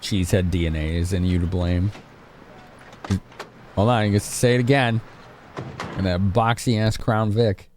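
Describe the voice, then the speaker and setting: Deep-voiced casual game streamer. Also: male voice, fairly even intonation, normal speed, long pauses, darkish tone, a little hiss or hum. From Chicago, US. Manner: casual, chatty, laughing with chat. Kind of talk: live-stream game commentary.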